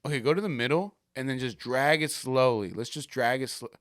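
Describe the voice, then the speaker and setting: A man's voice: medium pitch, brisk, a bit bright, dry recording, studio quality. A man hosting a podcast, chatting casually as he reacts to videos, swearing freely and laughing often. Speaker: podcast host.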